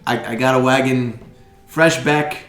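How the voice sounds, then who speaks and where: A man doing a wry, gruff stable hand. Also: medium pitch, steady tone, a little slow, background noise, natural voice. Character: gruff blunt male stable hand, sardonic. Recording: echoey room with music behind.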